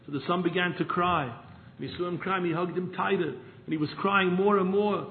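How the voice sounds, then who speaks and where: A man giving a sermon, swinging from impassioned pleas to hushed storytelling. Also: high-pitched, steady tone, normal speed, echoey room. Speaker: rabbi giving a talk. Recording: tinny phone-line sound with faint noise.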